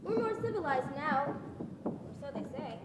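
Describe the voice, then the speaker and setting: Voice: high-pitched, very animated, normal speed. A student actor playing a narrator giving dry, wry commentary in a school play. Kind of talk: school stage play acting. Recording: echoey hall, far-off mic, crowd noise.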